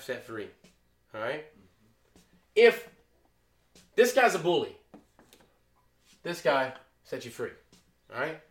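A man preaching a sermon, emphatic and moving between loud and quiet. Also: on the high side, reverberant.

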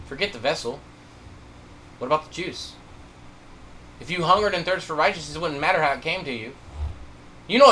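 A man preaching a sermon, telling a story with animated delivery and acted-out quotes. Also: on the high side, slight background noise.

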